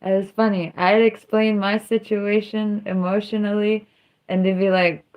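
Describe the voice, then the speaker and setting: A woman's voice: mid-range voice, little pitch movement, normal speed, lo-fi sound. A young woman hosting a casual livestream, chatting in a drawling, sardonic way that mixes jokes with confessions. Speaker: livestream host.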